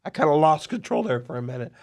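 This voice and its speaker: Male host, gravelly slightly high voice, lively storyteller who gets worked up. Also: fast talker. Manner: excitable, animated storyteller. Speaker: podcast host and poker dealer. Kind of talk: casual storytelling interview.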